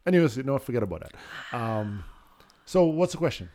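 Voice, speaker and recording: A man co-hosting a podcast in casual chat, joking and goading with deadpan asides. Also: mid-range voice, fairly quick. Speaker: podcast co-host.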